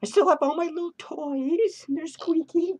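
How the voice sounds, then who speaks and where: Squeaky high unhinged clown, tipsy and hyper, swearing nonstop in a comedy vlog. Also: male voice, moderate pace. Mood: manic ranting. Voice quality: high shrill voice with cackling laughs. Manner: crude swearing rants, giddy and drifting. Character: unhinged foul-mouthed clown, manic and rambling. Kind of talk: comedic character vlog rant. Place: home studio.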